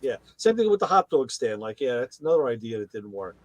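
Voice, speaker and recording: A man's voice: medium pitch, big pitch swings, brisk, dull audio, crowd noise. A man chatting casually on a podcast, retelling TV episodes and acting out the characters' lines in raised voices. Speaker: podcast co-host.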